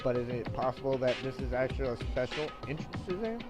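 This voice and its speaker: A man's voice: mid-range voice, lively intonation, fast, rough recording. A man livestreaming a game, reading its dialogue aloud with loose, joking asides. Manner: loose, joking asides between read lines. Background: game music.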